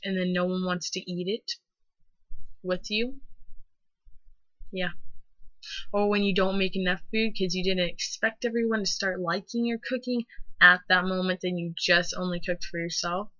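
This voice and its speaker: A woman's voice: mid-range voice, a little slow, dry recording, dull audio. A teenage girl vlogging at home, ranting angrily and swearing hard as she tells a story. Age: teens. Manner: angry, animated ranting with heavy swearing.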